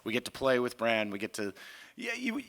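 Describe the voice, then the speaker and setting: A man who voices characters talks on a convention panel with a lively, swinging delivery. His voice is bright and forward, and he trips over false starts before the thought lands. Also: medium pitch. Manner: animated, halting, with many restarts. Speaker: voice actor on a panel. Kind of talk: casual panel chat.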